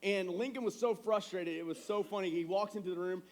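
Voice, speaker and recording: A man in his thirties delivers a sermon in a church with a slightly higher-than-usual voice. He talks in a casual, animated way, slipping into quick stories about his kids. His tone stays conversational rather than formal. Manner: conversational, animated storytelling with acted quotes. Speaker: pastor. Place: church sanctuary.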